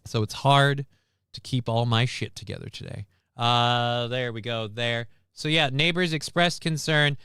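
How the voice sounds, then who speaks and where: A man's voice: mid-range voice, unhurried, pushed and bright, clean tone, no room sound, studio quality. A man hosting a livestream, reacting to news clips in blunt, sarcastic casual commentary, swearing often. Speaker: livestream host.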